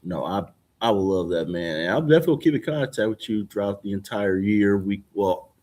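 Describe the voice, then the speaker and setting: Guy hosting a podcast, low raspy voice, hypes up his guest, calls him bro. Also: expressive, brisk, darkish tone. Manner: encouraging, loose, says man and bro a lot. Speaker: podcast host. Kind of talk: casual conversation.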